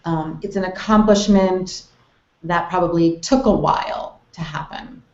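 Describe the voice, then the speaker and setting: An American woman teaching English conversation, explaining clearly and acting out example phrases with exaggerated tone. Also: lowish voice, measured pace, a little mellow. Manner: friendly, explanatory, models phrases with exaggerated intonation. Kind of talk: online English lesson hangout. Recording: roomy, dull web call audio.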